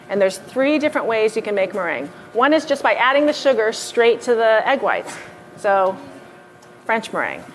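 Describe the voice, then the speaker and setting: A woman's voice: fairly high pitch, slight background noise. A woman giving a live cooking demonstration as a lecturer in a hall, explaining each step in a chatty way with fillers. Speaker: pastry chef lecturer.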